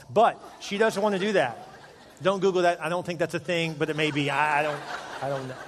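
Joking man preaching in a reverberant hall. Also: fairly high pitch. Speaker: pastor. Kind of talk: sermon. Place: large church auditorium.

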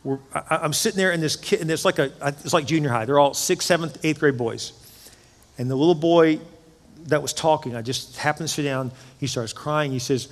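A man's voice: a little high, moderate pace. A middle-aged man preaching a sermon as pastor, emphatic and conversational, with jokes in between. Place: church sanctuary. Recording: long church-hall reverb.

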